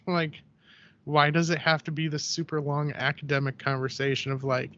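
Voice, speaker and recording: A man's voice: a little high, fairly quick. A man guesting on a podcast, telling stories in a loose, chatty way. His voice sits a little above the usual male range, and he slips into the voices of the people he quotes. The sound is dull and lo-fi. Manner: animated storyteller who acts out quoted voices, heavy use of "like". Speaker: podcast guest, ceramic artist. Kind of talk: casual podcast conversation.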